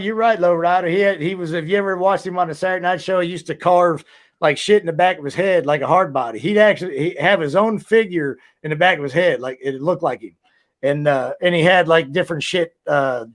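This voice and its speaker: A man with a voice pitched a little high tells loose, profane stories, jumping into acted-out quotes. He talks over a video call in a casual, rambling way. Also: a little fast, fairly bright tone. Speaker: podcast co-host, former wrestler.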